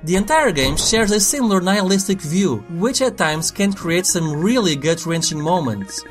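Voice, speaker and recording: Reviewer voice-over: young man, blunt and snarky, higher-pitched delivery, swears for punch. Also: expressive, moderate pace, faint music behind. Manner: sarcastic, blunt, swears for emphasis. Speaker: retro game reviewer. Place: voice-over over game footage.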